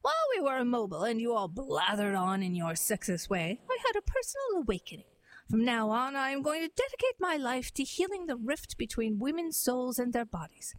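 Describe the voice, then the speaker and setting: A woman's voice: a little high, sing-song, fairly quick, no room sound. A woman reading aloud, voicing a haughty queen who lectures in an imperious way. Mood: lecturing.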